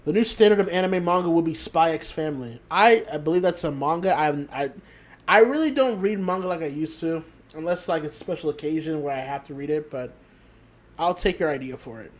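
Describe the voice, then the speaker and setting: A man's voice: a little high, brisk. Man, podcast host, live show, profane, heated, ranting, blunt emphatic declarations. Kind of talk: live podcast rant and chat Q&A.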